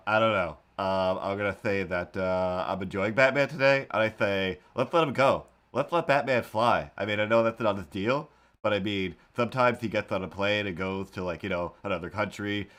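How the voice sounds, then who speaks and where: A man hosts a live stream in a low-ish voice, rambling from one joke to the next as he talks to his chat. He speaks into a desk mic at his computer, keeping it casual and unscripted. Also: a bit bright.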